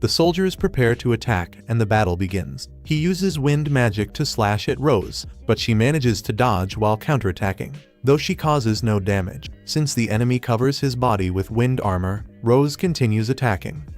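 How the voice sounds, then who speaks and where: A man narrates an anime recap in an even, steady manner. His voice sits in a middle pitch. Faint music plays behind him. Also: normal speed, few pauses. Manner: even, steady retelling in third person.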